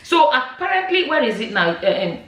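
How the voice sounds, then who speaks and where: A high-voiced Nigerian woman chats to her viewers in a relaxed vlog, laughing easily as she reads out comments. Her voice carries a roomy echo. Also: brisk. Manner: chatty, laughs often while reading. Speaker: vlogger. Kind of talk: casual commentary reading comments aloud.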